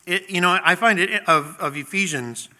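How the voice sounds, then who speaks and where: Man preaching a sermon, high bright voice, chatty, quizzes the congregation. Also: moderate pace. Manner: conversational preaching, asks the congregation questions, acts out voices. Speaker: pastor.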